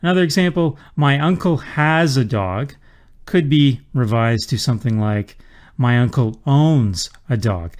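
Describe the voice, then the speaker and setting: A man's voice: mid-range voice, a little slow, darkish tone. A man teaching a writing lesson in an explanatory manner, reading example sentences aloud. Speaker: writing instructor. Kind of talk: lecture on writing.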